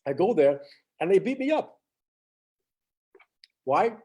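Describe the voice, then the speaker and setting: A man's voice: high-pitched, slow pace, breathy edge. A man co-hosting a podcast, telling stories in casual chat and laughing often. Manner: animated storyteller, laughs often. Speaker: podcast co-host.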